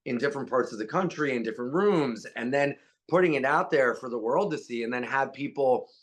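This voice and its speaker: An animated man talking as a comedy guest in an interview. He tells stories casually and lively, and his pitch leaps up whenever he quotes someone. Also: a little fast. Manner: animated storyteller, jumps into high voices for quoted people.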